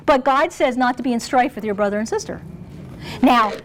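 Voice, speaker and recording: High-voiced woman teaching scripture, chatty. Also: normal speed, a little hiss or hum. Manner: chatty and animated, laughing often, restarting phrases. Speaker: Bible teacher. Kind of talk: informal sermon.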